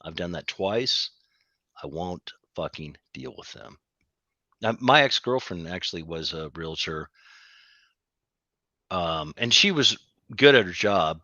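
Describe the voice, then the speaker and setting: A fed-up man rants on a call in a bright, forceful voice, swearing freely and circling back on himself. The line is dull and lo-fi, with a dry, close sound. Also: low voice, animated, slow pace, long pauses, no echo. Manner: profane, frustrated, rambling. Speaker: caller on a livestream. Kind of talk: angry venting chat.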